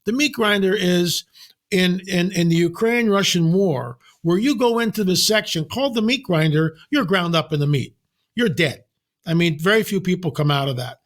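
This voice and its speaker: An older man speaking as a podcast guest, telling stories in an emphatic, animated way with sudden exclamations. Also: high-pitched, normal speed. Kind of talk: casual podcast conversation.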